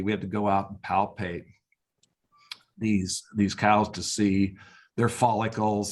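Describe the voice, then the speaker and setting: Low-voiced older man telling stories. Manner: lively anecdotes with voiced sound effects. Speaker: veterinarian. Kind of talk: casual storytelling.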